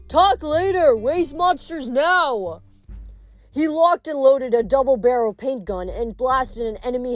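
A woman's voice: a little high, a little mellow. A woman reading a novel aloud in a casual manner, stumbling and restarting words now and then. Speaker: reader.

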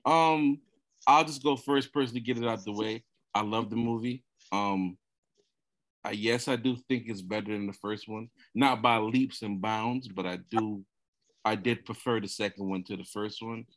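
A man hosting a podcast in casual chat, lively and teasing, laughing often. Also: lowish voice, moderate pace. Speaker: podcast host.

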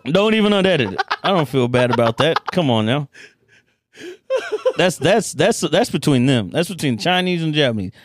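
A man's voice: fairly high pitch, animated, normal speed, no room sound, studio quality. A man who is a comedian guest on a podcast, riffing loosely, swearing and laughing as he talks. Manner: loose, profane, laughing riffs. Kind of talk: casual comedy podcast chat.

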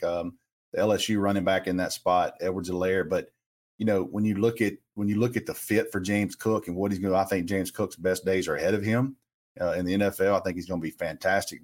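A man giving his views in a casual sports conversation, rambling with lots of fillers. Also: fairly low pitch.

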